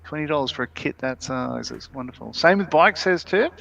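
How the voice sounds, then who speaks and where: Chatty guy with a gravelly voice reading out stream comments, kinda dull lo-fi sound. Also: on the high side, lively intonation, fairly quick, a bit bright. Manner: chatty, laughs often, reads comments aloud. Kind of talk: casual chat.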